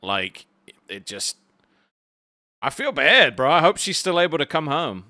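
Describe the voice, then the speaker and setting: Lively, bright-voiced man co-host. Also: on the high side, measured pace, dry recording, studio quality. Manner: reads super chats, swears casually. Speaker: stream co-host. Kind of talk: casual live-stream chat.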